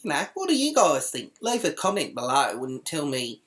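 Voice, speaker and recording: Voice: medium pitch, wildly swooping pitch, normal speed. A performer playing a crass, foul-mouthed middle-aged grandmother with an Australian accent, telling a rambling comic story straight to camera. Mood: brash. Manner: brash, swearing, rambling storyteller. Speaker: vlogger. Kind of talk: comic character monologue.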